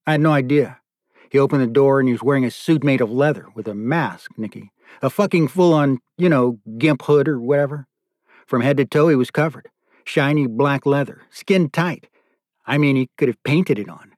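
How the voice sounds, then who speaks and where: A man's voice: mid-range voice, darkish tone, dry recording, studio quality, close to an everyday voice. A man doing a broken, cursing survivor. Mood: bitter. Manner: raw, profane, bitter outpouring. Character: tormented adult man reliving abuse.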